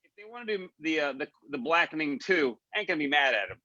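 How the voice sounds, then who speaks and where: A man's voice: on the high side, lively intonation, quick pace, bright, forceful tone, no echo. A man co-hosting a podcast, joking around and passing along viewer comments. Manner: jokey, relays viewer chat. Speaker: podcast co-host. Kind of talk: casual podcast interview. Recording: dry, dull lo-fi audio.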